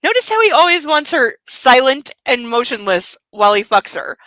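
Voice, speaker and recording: A woman's voice: sits high, big pitch swings, normal speed, fairly bright tone, no echo, rough recording. A woman reading a novel aloud and breaking off into indignant, sarcastic commentary with blunt swearing. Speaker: book club reader and commentator.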